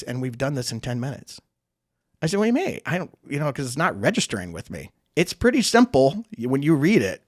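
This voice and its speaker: A man's voice: medium pitch, dry recording, clean studio sound. A man being interviewed on a podcast, telling a story in a chatty, casual way, acting out the dialogue and often tagging sentences with "right?". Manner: chatty, acts out quoted dialogue, frequent "right?" tags. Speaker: podcast guest, political candidate.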